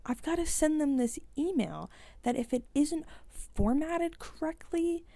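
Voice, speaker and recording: A woman's voice: high voice, expressive, unhurried, creaky, mellow, no echo. A young woman in a casual vlog, rambling with lots of "like" and exasperated rhetorical questions. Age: young adult. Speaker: vlogger. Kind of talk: casual vent to camera.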